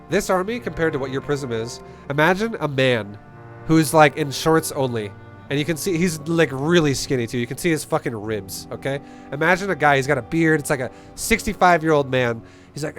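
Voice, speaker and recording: A young man giving blunt, profane, rambling coaching on a game. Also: medium pitch. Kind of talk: casual game coaching commentary.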